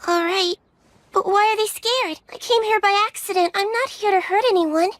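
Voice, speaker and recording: A woman's voice: very high voice, moderate pace, no room sound. A woman voicing a polite, easily flustered young witch in an anime English dub, speaking earnestly. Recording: soundtrack music behind.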